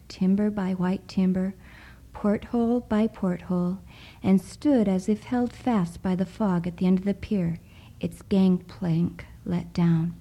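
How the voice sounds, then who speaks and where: Slow, hushed woman reading a story. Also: mid-range voice, low-quality recording. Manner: hushed, often whispered narration. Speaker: narrator. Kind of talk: soft-spoken story reading.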